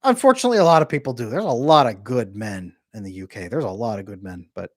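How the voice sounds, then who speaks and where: A man's voice: medium pitch, lively intonation, dry recording, clean studio sound. Joking man hosting a relationship Q&A. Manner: joking, chatty, quick to laugh. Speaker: relationship coach hosting a live Q&A. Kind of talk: casual livestream chat, reading viewer comments. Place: home room with a bookshelf behind him.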